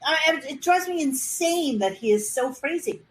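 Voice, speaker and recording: A woman's voice: high-pitched, expressive, moderate pace, rough recording. Exasperated woman podcast co-host. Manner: exasperated, laughs easily. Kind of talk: casual comedic commentary.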